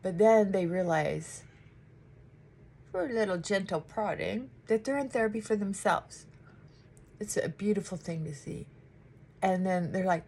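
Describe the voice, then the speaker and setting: A woman therapist chatting casually while doing her makeup, animated and acting out her clients' voices. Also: medium pitch, a little slow, pauses often, husky.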